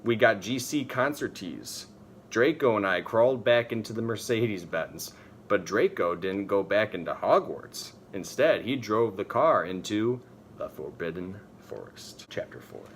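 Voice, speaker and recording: A man reading a fan story aloud for comedy, mostly flat, sometimes cracking up in disbelief. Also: fairly low pitch, measured pace, slight background noise. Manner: reads flatly, breaks into disbelief. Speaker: comedy reader.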